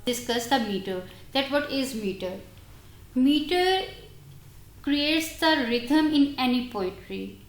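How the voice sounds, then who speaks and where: A woman giving a recorded university lecture on English literature, halting and restarting her explanations as she speaks directly to her students. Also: sits high, animated. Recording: roomy echoey recording.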